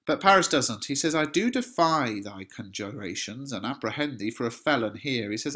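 A man's voice: expressive, fairly quick, few pauses. English male teacher paraphrasing a play. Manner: reads quoted lines louder and higher, paraphrases casually with fillers. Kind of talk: lesson, reading and paraphrasing a play.

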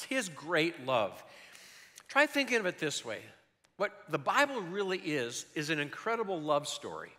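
A man in his sixties preaching a sermon, telling stories in an animated way that swings from loud to hushed. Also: fairly high pitch, big-room sound. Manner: animated storytelling, shifting between loud and hushed.

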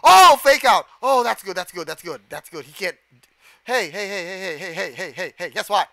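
A man streaming a game live, giving excitable commentary, gasping, shouting and swearing at the screen. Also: high voice, brisk, vocal fry, no echo.

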